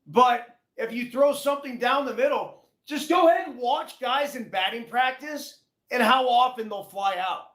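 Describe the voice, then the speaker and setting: A man's voice: extremely high pitch, moderate pace, hardly any pauses, fairly bright tone, echoey room. A man co-hosting a casual baseball chat, talking bluntly and swearing casually. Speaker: co-host, former ballplayer.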